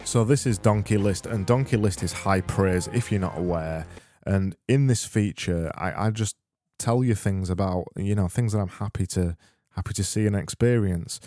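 A man's voice: sits low, normal speed, a little mellow, faint music behind. A man from Britain hosting a comedic solo podcast, rambling and sardonic as he reads listener messages. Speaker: podcast host.

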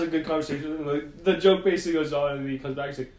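A man's voice: mid-range voice, brisk. Laughing storyteller man in an echoey room. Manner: animated storyteller, laughs while retelling jokes. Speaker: podcast co-host. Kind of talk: casual chat.

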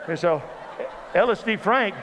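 A man telling a funny personal story from the pulpit in a sermon, animated and comic. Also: sits high, unhurried, some chatter behind, a little hiss or hum. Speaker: pastor. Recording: reverberant hall with faint ambience.

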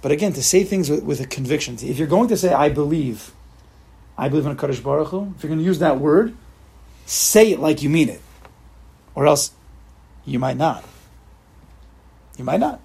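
A man leading an informal religious study group, animated and repetitive, acting out examples for his listeners. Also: a little high, a little fast, vocal fry, long pauses, slightly rough. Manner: animated, repeats himself, acts out examples. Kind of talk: informal religious class talk.

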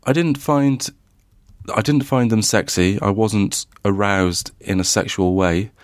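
A man's voice: on the low side, unhurried, dry recording, studio quality. A man co-hosting a podcast, chatting casually and hesitantly, full of restarts. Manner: hesitant, many fillers and restarts. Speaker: podcast co-host. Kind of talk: casual chat.

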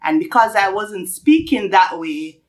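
A woman from Jamaica with a Jamaican accent, telling a story in an animated way during a casual round-table chat. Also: medium pitch, measured pace. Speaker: student club member.

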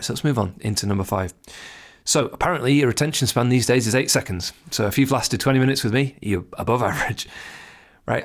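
A man's voice: fairly low pitch, creaky, breathy edge. A man hosting a podcast, giving earnest, encouraging advice straight to the listener in a casual monologue. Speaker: podcast host.

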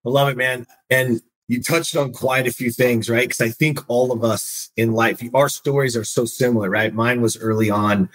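A man with a husky, slightly rough voice hosts a motivational podcast. He builds his story with conviction and keeps tossing in "right?" to pull his listener along. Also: medium pitch, steady tone, normal speed, hardly any pauses, fairly bright tone. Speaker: podcast host.

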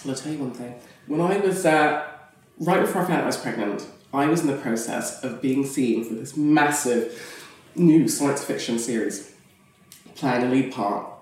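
Speaking from far off the mic in a very echoey room, a woman with an extremely low, darkish voice talks at a moderate pace. She's an actress appearing as a podcast guest, sharing a personal story frankly and animatedly and laughing often in candid conversation.

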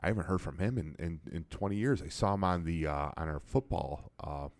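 A man in his forties from the Chicago area, casually reminiscing about his college football days with an old teammate, animated and repeating phrases as he tells stories. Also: low-pitched, brisk, no echo. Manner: animated storyteller, repeats phrases, many restarts. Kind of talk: casual chat.

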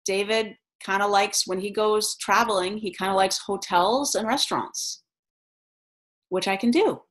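A woman vlogger telling travel stories in a chatty, animated way, laughing as she goes. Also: medium pitch, a little slow. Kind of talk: casual storytelling vlog.

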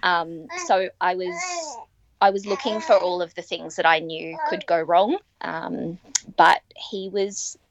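A woman, telling her personal story as a podcast guest, earnest and halting with many ums and restarts. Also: on the low side, fairly even intonation, crowd noise. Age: 30s. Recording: dry, dull lo-fi recording.

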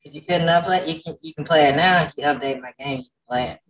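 A man's voice: a little high, fast talker, a bit bright, far from the mic, low-quality recording. A man hosting a casual podcast, joking and teasing, often restarting his sentences. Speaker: podcast host.

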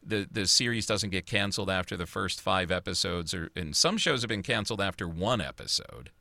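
A man hosts a casual chat, ranting in a loose, swearing way. His voice sits fairly low but comes across bright and forceful. The sound is dry and close. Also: expressive, fairly quick, creaky, no echo. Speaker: podcast host.

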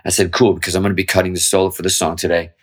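A man with a deep, low voice talks quickly as a guest in a relaxed interview. He rambles through a story and swears freely. He often starts his sentences over. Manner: rambling, profane, with frequent restarts. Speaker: guest musician.

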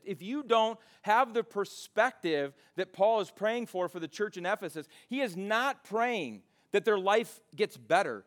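A man preaching a sermon in a church, mixing scripture with casual storytelling and animated retellings. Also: high voice. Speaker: pastor. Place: church sanctuary.

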